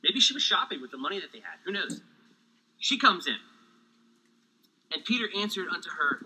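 A man preaching a sermon with lively energy, joking asides and heat, sweating as he talks. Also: high voice, moderate pace, long pauses, breathy edge, poor audio. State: sweating, overheated. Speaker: pastor.

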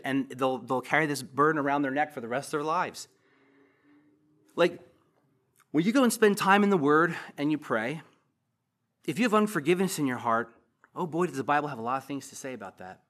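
A middle-aged man preaching a sermon as a pastor in a church, passionate, with loud emphatic bursts and quiet asides. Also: on the high side.

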